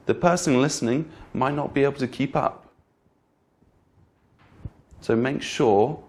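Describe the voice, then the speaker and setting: Slow, patient male English teacher. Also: medium pitch, a little mellow. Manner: patient, repeats each example word twice; addresses the learner directly with frequent "okay?". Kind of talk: slow, clear instructional lesson.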